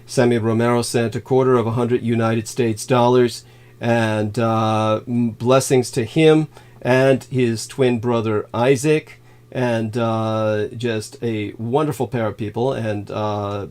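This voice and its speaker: A man hosting a livestream, rambling through thanks with many halting fillers, laughing suddenly and swearing now and then. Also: medium pitch, steady tone, a little mellow. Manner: halting, filler-heavy, reads donor thanks aloud. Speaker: livestream host.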